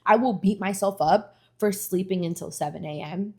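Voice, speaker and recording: A young woman talks straight to her viewers in a motivational vlog. Her voice sits in an ordinary middle range, and her delivery is animated and emphatic. Her phrasing stays loose and casual throughout. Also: mid-range voice, normal speed. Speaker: vlogger. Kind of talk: motivational vlog talk to the camera.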